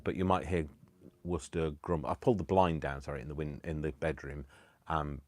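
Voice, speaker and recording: A man's voice: a bass voice, a little hiss or hum. A man hosting a craft live stream from home, chatting casually with self-mocking, rambling asides. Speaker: craft channel host. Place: home, indoors.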